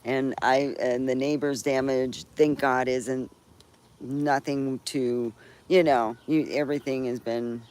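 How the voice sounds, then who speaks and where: A woman's voice: rumbling low, steady tone, slow pace, darkish tone. A middle-aged woman chatting cheerfully on a live stream, rambling with restarts and frequent laughs. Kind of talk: casual live-stream chat. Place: outdoors in a backyard under a tree. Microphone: phone live stream. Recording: noisy outdoor phone stream. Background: birds and chickens around.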